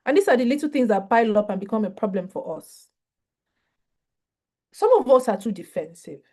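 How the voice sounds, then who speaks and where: On a video call, a woman leads an online mental health training session in a lively, conversational way, acting out short dialogues. Her voice is a little high and fairly quick.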